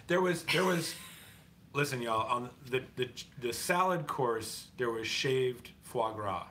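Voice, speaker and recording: A man's voice: mid-range voice, animated, takes it slowly, pushed and bright, a little hiss or hum. A man co-hosting a casual show, telling a teasing story to viewers. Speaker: podcast co-host. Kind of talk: casual chat with live viewers.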